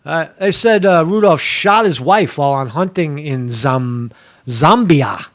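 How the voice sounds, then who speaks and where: A man's voice: a little high, lively intonation, measured pace. A man from Pennsylvania hosting a live show, talking in a rambling, sarcastic way and swearing freely. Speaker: host.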